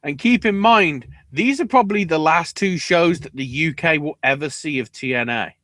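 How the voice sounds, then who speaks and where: A man co-hosting a podcast in casual chat, swearing often and bursting into excited outbursts. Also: a little high, moderate pace, no echo. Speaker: podcast co-host.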